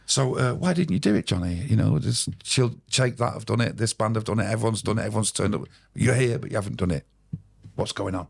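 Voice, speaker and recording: A man's voice: on the low side, fast, gravelly, slightly rough, pitched above the performer's own voice, exaggerated voice. A man voicing a young female TV presenter who keeps pressing with insistent questions. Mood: probing.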